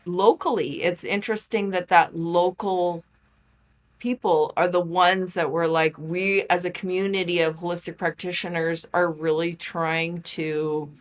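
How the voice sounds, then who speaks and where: Brief: woman, slightly low pitch, chatty interview guest, animated storyteller. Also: unhurried. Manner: chatty and animated, frequent "like" and laughs. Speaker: podcast guest, holistic practitioner and author. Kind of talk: casual interview chat.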